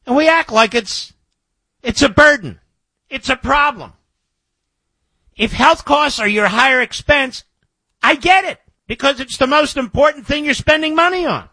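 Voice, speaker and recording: A man's voice: very high-pitched, moderate pace, pushed and bright, no echo. A man hosting a talk radio show, delivering an emphatic monologue into a studio microphone and repeating key phrases for effect.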